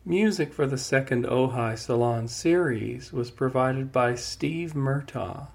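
An older man hosting a podcast, talking reflectively in a salon conversation and reading a measured closing narration. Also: medium pitch, vocal fry. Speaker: podcast host.

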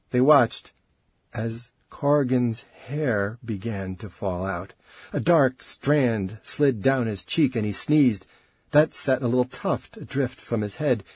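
A man narrating an audiobook in an expressive, dramatic way. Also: medium pitch, breathy edge, no echo.

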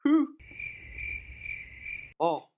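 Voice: extremely slow, warm tone, slight background noise. A blokey male rugby commentator who swears at every turn and tacks "eh" onto his sentences. He is loose and laddish, a comedy-sketch caricature of a sports broadcaster. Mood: hosting. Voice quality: swears freely, tags lines with "eh". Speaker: lead commentator.

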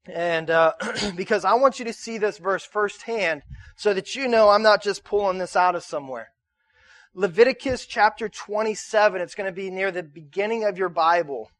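A male pastor delivers a sermon in a conversational style, asking the congregation to call back answers and often repeating words as he restarts. His voice sits high and a bit bright at a moderate pace, in a dry recording.

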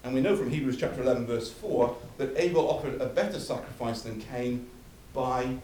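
A man's voice: mid-range voice, fairly quick, a little mellow, a little hiss or hum. A man preaching a sermon, emphatic and building through repeated phrases, recorded from a distance in a church hall. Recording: echoey hall from far off.

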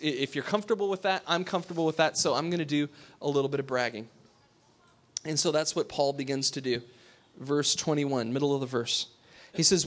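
Male preacher, informal sermon style, fairly high voice, blunt and chatty, restarts a lot. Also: a bit bright. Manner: frank, informal, with many restarts. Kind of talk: conversational sermon. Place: room with a small congregation.

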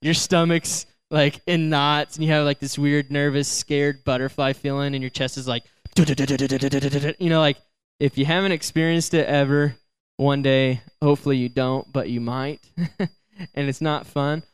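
A young man telling a story to a youth crowd, chatty and animated, laughing as he goes. His voice sits fairly high and sounds smooth and clear, and his talk is full of casual fillers. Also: unhurried. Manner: animated, chatty, laughs often, many fillers like "you know". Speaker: youth speaker.

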